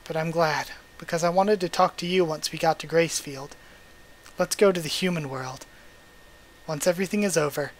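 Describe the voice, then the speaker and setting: A man's voice: a little high, rough recording. A man hosting a manga readthrough, reading the dialogue aloud and breaking off for emotional, chatty asides.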